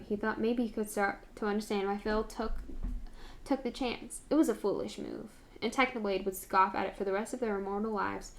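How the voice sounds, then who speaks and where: A woman's voice: mid-range voice, creaky. A woman streamer reading fan fiction aloud, now and then stumbling on words and restarting.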